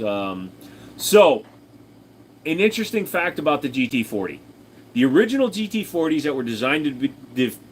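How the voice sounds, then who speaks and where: Reading chat on a live stream, a man with a lowish voice rambles casually through his answers and swears a lot. There's slight background noise.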